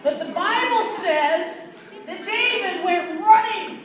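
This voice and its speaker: A woman's voice: very high-pitched, expressive, slow, a crowd in the background. A woman teaching children a Bible story, playful, asking them questions and laughing often. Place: church room with children. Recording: echoey room, mic far off, faint noise.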